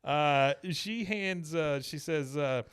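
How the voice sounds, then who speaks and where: A man's voice: on the high side, slow pace, a bit bright, clear, resonant tone. A man co-hosting a podcast, recapping a cartoon episode in casual chat, laughing often and acting out the characters' lines as he goes. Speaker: podcast co-host.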